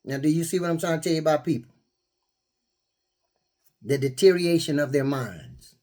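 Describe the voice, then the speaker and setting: With a slightly high voice at normal speed, this man shares everyday anecdotes and scripture quotes as a spiritual vlogger. His delivery is laid-back and preacher-like, lively and full of laughter.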